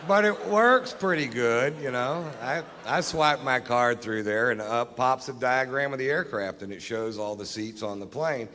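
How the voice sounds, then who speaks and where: A man's voice: mid-range voice, fairly bright tone. A middle-aged man doing profane stand-up storytelling on a live stage, laughing at his own lines. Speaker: stand-up comedian. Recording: reverberant live stage with faint background noise.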